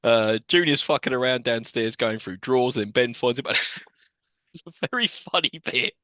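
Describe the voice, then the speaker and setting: A man co-hosts a podcast, recapping a film with animated, laugh-filled energy. His voice is bright and swoops widely in pitch. The sound is dry and close. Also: normal speed, no echo. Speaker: podcast co-host. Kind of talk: casual film recap chat.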